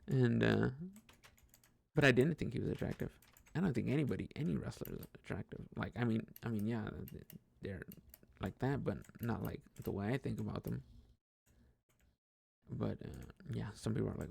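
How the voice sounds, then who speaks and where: Gravelly young man, rambling monologue. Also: on the low side, normal speed, long pauses, darkish tone, dry recording. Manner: rambling, self-deprecating, laughs often, many restarts. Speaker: podcast host. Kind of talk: casual personal monologue.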